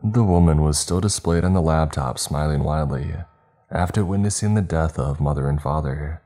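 A man narrating a horror story in a steady, somber, scripted way. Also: rumbling low, normal speed.

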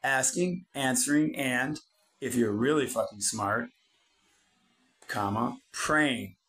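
A man's voice: mid-range voice, gravelly, fairly bright tone, rough recording. A man delivering a blunt motivational monologue, swearing constantly and preaching at the listener like a self-styled prophet. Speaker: channel host.

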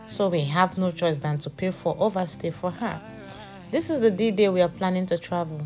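Woman vlogger, casual narration, tired and chatty, lowish voice, faint music bed. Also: moderate pace, darkish tone. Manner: chatty, addresses viewers as guys. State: tired, exhausted. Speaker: family vlogger.

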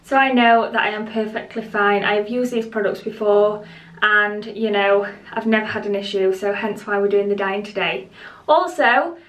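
A woman's voice: medium pitch, steady tone, normal speed, fairly bright tone, dull audio. Lady beauty vlogger rambling to camera, kinda breathless, a bit far from the mic in an echoey room. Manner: chatty and rambling, speaks straight to viewers. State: a little out of breath. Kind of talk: casual chat to camera. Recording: roomy echo, voice a bit distant from the mic.

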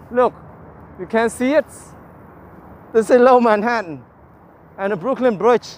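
Walking through a city park on a live stream, a man chats cheerfully in simple broken English and thanks viewers by name. His voice is extremely high-pitched yet darkish in tone, a little slow, with slight background noise.

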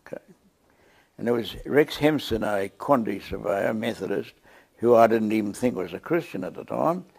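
A man with a South African accent telling a lively testimony story to a church, acting out the scenes as he goes. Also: lowish voice, normal speed, vocal fry, husky. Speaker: guest preacher.

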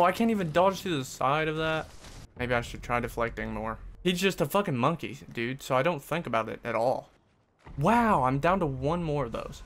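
A man's voice: medium pitch, a bit bright, a little hiss or hum. A man streaming live gameplay, venting frustration with sarcastic jokes and swearing while he plays. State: sweaty and worked up. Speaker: gaming streamer.

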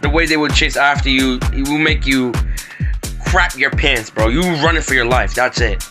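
A young man casually commenting on a horror game he is playing, teasing the enemies and yelling in fright when they chase him. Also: medium pitch, moderate pace. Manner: playful trash talk, nervous yelling when chased. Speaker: gaming streamer. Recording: loud background music.

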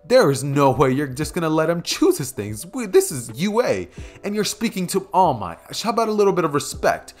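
A man's voice: on the high side, sing-song, fairly quick, faint music behind, voice pushed up. A man voicing a strict, proud young male student hero who lectures a classmate indignantly.

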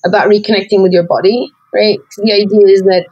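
A woman's voice: mid-range voice, steady tone, fast talker, breathy edge, dry recording, highs cut off. A woman co-hosting a podcast, talking candidly and reflectively, with many fillers and restarts. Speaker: podcast co-host. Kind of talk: candid conversational chat.

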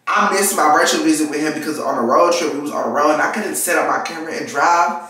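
A man's voice: on the high side, quick pace, bright, forceful tone, far from the mic. A nineteen-year-old man from Texas, telling a casual story time and animatedly acting out the people in his story. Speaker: vlogger. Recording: very echoey room, mic set back.

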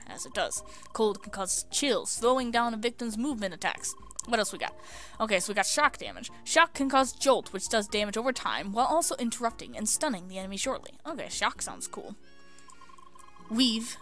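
A woman's voice: medium pitch, fairly bright tone. A young woman hosting a video game playthrough, reading tutorial text aloud and adding casual asides. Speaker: let's play host.

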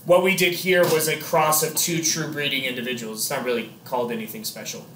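A man's voice: medium pitch, steady tone, a little fast, a bit bright, a little hiss or hum. A man teaching a biology class, chatty and joking, quizzing his students as he explains. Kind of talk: classroom lecture. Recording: echoey classroom.

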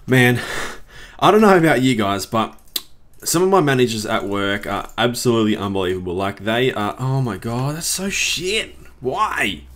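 Rambling low-voiced young gamer man. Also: animated, brisk. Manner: rambling, chatty, swears when frustrated. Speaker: let's play host. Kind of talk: casual gameplay commentary.

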